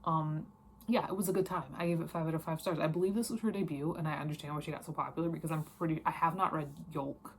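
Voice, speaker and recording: Low-voiced young midwestern woman rambling about books, lots of likes and ums, faint hiss behind. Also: steady tone, quick pace. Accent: Midwestern American. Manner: chatty, rambling, lots of fillers and laughs. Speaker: book reviewer. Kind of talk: casual book wrap-up chat.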